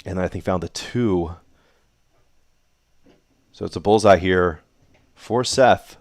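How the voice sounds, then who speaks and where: A man's voice: low-pitched, slow pace, dry recording. A man calling darts play-by-play as host of a home-broadcast league, in a playful, theatrical way with teasing jokes about the players. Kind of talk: play-by-play sports commentary. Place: home laundry room. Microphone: computer broadcast setup.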